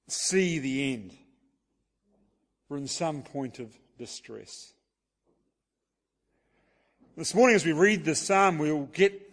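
A New man gives a sermon in a storytelling way, often restarting and saying "sort of". His voice sits a little high for a man. The sound carries a long hall reverb. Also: a bit bright. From New Zealand. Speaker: preacher.

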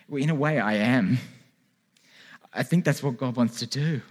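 A man's voice: mid-range voice, moderate pace, pauses often. A man preaching a sermon in a church, with earnest, pleading calls to turn to God. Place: church hall with a congregation.

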